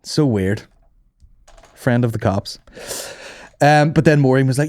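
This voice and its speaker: A man, a comedy podcast host telling stories in a profane, animated way and acting out the other voices. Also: mid-range voice, a little slow, long pauses, no room sound. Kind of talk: casual storytelling chat.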